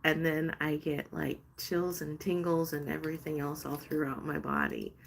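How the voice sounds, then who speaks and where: A woman's voice: sits low, animated, normal speed, creaky, a little hiss or hum. A woman hosting a casual live stream, chatty and gushing as she pulls cards for a viewer. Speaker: live stream host doing card readings.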